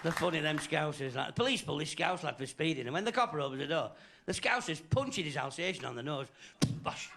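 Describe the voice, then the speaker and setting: A man's voice: a little high, animated, quick pace, bright, forceful tone, a little hiss or hum. A man doing stand-up, voicing the characters in a joke. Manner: voices characters in a told joke. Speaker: stand-up comedian.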